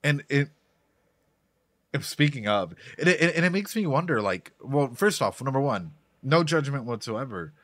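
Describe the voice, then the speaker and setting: Man, mid-pitched, casual stream commentary, rambling, addresses chat. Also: sing-song, moderate pace, a bit bright, dry recording. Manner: rambling, repeats words, talks to chat. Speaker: streamer reacting to anime.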